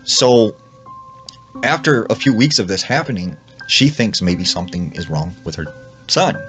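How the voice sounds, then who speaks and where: Over soft background music, a man casually retells a creepy story, peppering it with "like" and acted-out quotes. His voice sits fairly low and a bit bright, very animated but a little slow.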